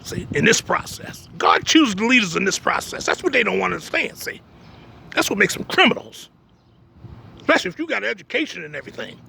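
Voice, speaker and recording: Man, religious teacher; very high, bright gravelly voice, lively swings, blunt emphatic preaching. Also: fairly quick, slight background noise. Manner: emphatic, repeats "you understand me?"; blunt, streetwise, jokes between points. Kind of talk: preaching talk.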